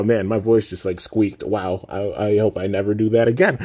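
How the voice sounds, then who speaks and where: A young man hosting a casual toy unboxing vlog, excitable and filling his talk with "man" and "dude". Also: on the low side, moderate pace. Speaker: toy reviewer and channel host.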